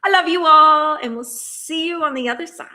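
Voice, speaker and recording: A woman's voice: sits high, moderate pace. A middle-aged woman hosting a livestream, chatting casually and reading viewers' messages aloud at a desk mic. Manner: chatty, rambling, reads chat aloud. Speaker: livestream host. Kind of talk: casual chat closing a stream.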